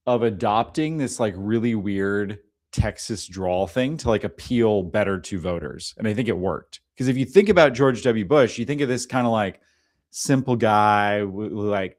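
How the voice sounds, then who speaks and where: Low-voiced rambling male podcast host. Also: darkish tone. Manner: rambling, full of "like" fillers. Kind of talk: casual chat.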